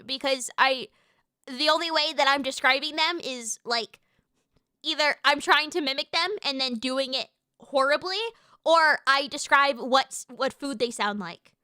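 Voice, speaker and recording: A woman streaming as a VTuber in casual chat, loud, swearing often and tripping over her words. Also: high voice, unhurried, dry recording, studio quality. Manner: loud, swears a lot, stumbling restarts. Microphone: streaming mic.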